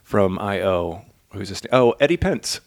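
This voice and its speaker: A man hosting a podcast in casual chat, asking questions and filling in with quick agreement and laughs. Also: on the low side, animated, dry recording, studio quality. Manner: chatty, quick backchannels and laughter. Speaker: podcast host.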